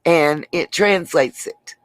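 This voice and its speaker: Her voice sits low and moves slowly on a dry recording. As host of her own channel, she chats on a livestream, rambling, restarting often, and replying to viewers by name.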